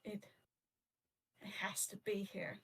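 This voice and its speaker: A woman's voice: mid-range voice, monotone, slow pace, husky, whispered. A woman voicing a grieving, furious warrior woman in a tabletop game, her lines clipped and desperate. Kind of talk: playing a character in a tabletop game.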